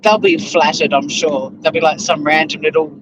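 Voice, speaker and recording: A man's voice: a little high, steady tone, moderate pace. A Tasmanian man with an Australian accent, chatting casually on a live stream as he drives to work, rambling with lots of fillers. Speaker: YouTuber reacting live while driving to work. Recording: faint car road noise.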